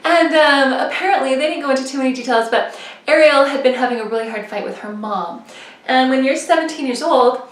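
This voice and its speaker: A woman vlogger telling a personal faith story in an animated, self-mocking way, with quick asides. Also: high-pitched. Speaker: religious vlogger. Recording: echoey room, mic at a distance.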